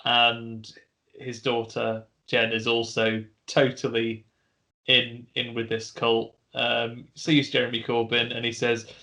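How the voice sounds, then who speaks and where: A man's voice: medium pitch, completely flat delivery, slow, bright, forceful tone. A man casually retelling a film plot as a podcast co-host, rambling with restarts.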